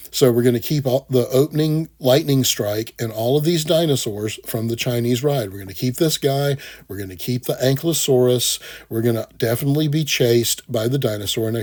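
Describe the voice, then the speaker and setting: A man narrating a theme park video essay in a blunt, sarcastic, animated way. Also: mid-range voice, moderate pace, few pauses.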